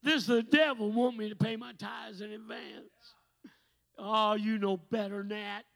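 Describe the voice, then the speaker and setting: High, bright-voiced shouting preacher. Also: male voice, fairly even intonation, unhurried, vocal fry, rough recording. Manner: swings from hushed asides to shouting. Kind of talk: revival sermon.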